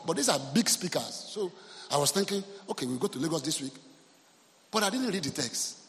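A man with a Nigerian accent preaching a sermon, telling a story in an animated way and mixing in Yoruba phrases. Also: high-pitched, big-room sound. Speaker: pastor. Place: church hall.

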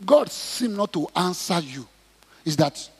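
A middle-aged man preaching a sermon, acting out prayers and Bible stories and rising to shouts. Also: high-pitched, animated, unhurried, creaky, husky. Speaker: pastor. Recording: long hall reverb.

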